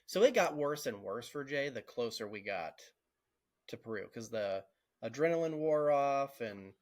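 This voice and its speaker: A man's voice: medium pitch, animated, normal speed, darkish tone. A man, a podcast co-host telling stories casually, laughing through them and swearing freely. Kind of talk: casual storytelling.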